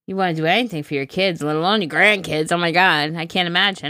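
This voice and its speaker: A woman co-hosting a casual podcast, reacting to stories with animated comments and frequent laughter. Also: fairly low pitch, quick pace, hardly any pauses, no echo. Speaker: podcast co-host.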